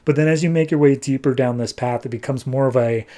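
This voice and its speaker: Male podcast host, casual rambling recap, mellow tone. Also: medium pitch, fast talker. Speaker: comic book podcast host.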